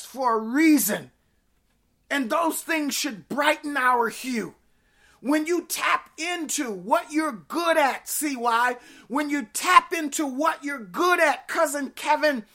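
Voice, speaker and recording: A woman preaches a slow sermon in a high, animated voice, repeating phrases in a rhythmic build that swells to shouts before sinking to hushed tones.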